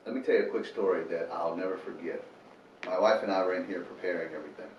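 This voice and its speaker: A man's voice: deep voice, fast, highs cut off. A man who founded a homeless ministry, telling stories earnestly as an interview guest and acting out what people said. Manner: animated storyteller, acts out quotes. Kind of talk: earnest faith storytelling in an interview. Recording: roomy room, distant mic, faint noise.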